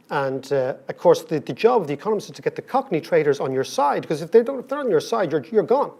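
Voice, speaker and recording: An Irish man in his fifties, a conference speaker telling comic stories with lively, irreverent asides and casual swearing. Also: fairly high pitch, fast. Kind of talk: comic storytelling talk.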